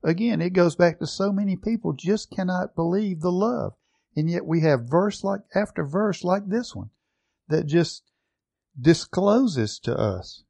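Male preacher, earnest and emphatic, slow delivery, dry close recording. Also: on the high side, vocal fry, darkish tone, no room sound. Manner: earnest, emphatic Bible teaching with slow stressed phrases. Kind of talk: sermon.

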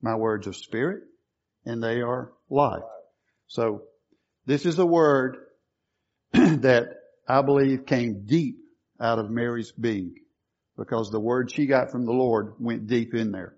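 A man's voice: mid-range voice, unhurried, a little mellow, muffled recording. Man preaching a scripture-quoting sermon. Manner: emphatic, quoting scripture with rising stress.

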